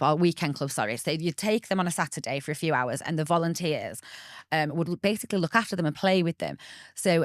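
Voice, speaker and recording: A woman in her thirties tells her personal story as a podcast guest, chatty and animated. Her voice sits on the low side and sounds dry and close to the mic. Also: dry recording. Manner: chatty, animated, laughs often and acts out quoted voices.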